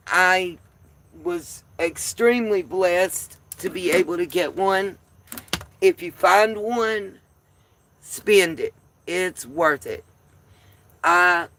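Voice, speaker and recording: Southern woman, livestream host, folksy and chatty, unhurried delivery. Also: lowish voice, a bit bright, dry recording. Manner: chatty, folksy, calls viewers y'all. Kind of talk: casual live chat with viewers.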